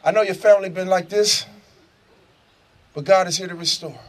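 Middle-aged man, very high voice, loud animated preaching full of slang and shouts. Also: normal speed. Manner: loud, shouting, laughing, street-slang storytelling. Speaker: motivational speaker. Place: prison gathering space.

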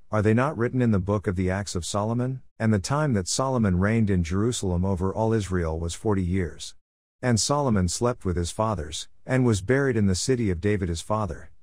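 A man giving a measured, even reading of scripture in a scripted style. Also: fairly low pitch, no room sound, studio quality. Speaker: Bible reader.

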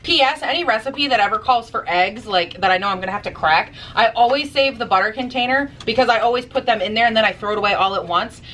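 A woman's voice: on the high side, fast, few pauses, a bit bright, recorded from a distance, rough recording. A young woman vlogging in her kitchen while she bakes, talking in a sassy, chatty way with casual swearing. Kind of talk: casual chat while baking. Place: home kitchen.

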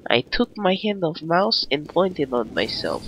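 This man's voice sits on the high side with big pitch swings and a slightly slow pace, plus slight background noise. A gamer in a put-on Russian accent, he giggles and brags in broken English over loud shooter-game gunfire.

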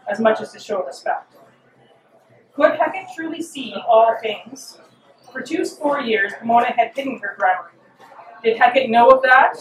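Woman author reading her story out loud, mic kinda far off, echoey room. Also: a little high. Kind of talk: reading her fiction aloud at a live event. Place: reading venue. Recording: roomy hall, mic from afar.

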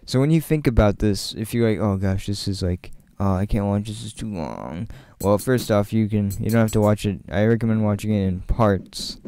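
Mellow-voiced man chatting over gameplay. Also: lowish voice, normal speed, few pauses, clear, resonant tone, dry recording. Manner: chatty, jokey, laughs often; rambling, talks to viewers directly. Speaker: gaming channel host. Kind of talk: casual gameplay commentary.

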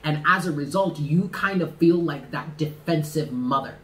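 A man giving a casual tarot reading to the camera, talking in an animated, slangy way with swearing and laughs. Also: a little high, normal speed, faint music behind. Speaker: tarot reader.

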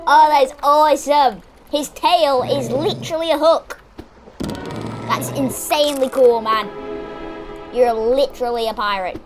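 A woman giving excitable, chatty let's-play commentary, exclaiming as she plays. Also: sits high, moderate pace, music in the background. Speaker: gamer.

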